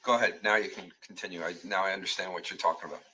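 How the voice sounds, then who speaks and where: Male judge, fast and firm, lowish pitch with a bright edge. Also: steady tone, slight background noise. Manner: brisk, firm instructions. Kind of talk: courtroom direction.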